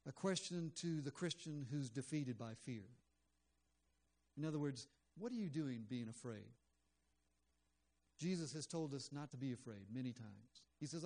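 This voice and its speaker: A man's voice: a little high, lively intonation, moderate pace, darkish tone. Man preaching a conversational sermon. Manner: conversational, earnest, with frequent fillers. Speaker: pastor.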